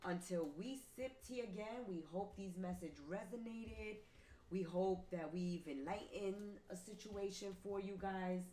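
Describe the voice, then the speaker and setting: Warm and mid-range, this woman's voice moves at a measured pace as she reads tarot for her viewers. She drives her points home through preacher-style repetition and emphasis, recorded in a roomy space with faint ambient noise.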